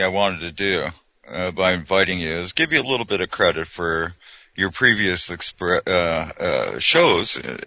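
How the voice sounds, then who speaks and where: Low-voiced man hosting a group chat. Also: no room sound. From North America. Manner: welcoming, hesitant with fillers. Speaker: host. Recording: dull lo-fi dry audio.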